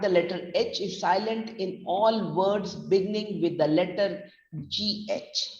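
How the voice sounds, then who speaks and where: A woman pronunciation trainer, teaching slowly and repeating words as drills, sometimes switching into Hindi. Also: fairly low pitch, vocal fry, darkish tone. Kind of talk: classroom lecture. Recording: roomy echo from far off, dull audio.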